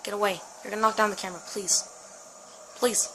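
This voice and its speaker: Her voice is mid-range with fairly even intonation, a bit bright, and she talks briskly. A young woman hosting a horror let's play at home, she's frightened and jumpy, swearing and screaming while speaking to her viewers and her dog. The low-quality recording has a little hiss or hum.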